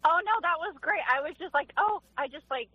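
Gushing high-voiced woman caller. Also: fairly quick, no room sound, dull audio. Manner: excited, gushing. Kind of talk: phone call.

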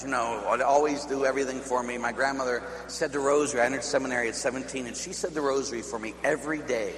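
A Catholic priest from Pittsburgh in the United States, preaching a sermon in a chatty, animated storytelling way with laughing asides. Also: male voice, medium pitch. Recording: echoey hall, faint hum.

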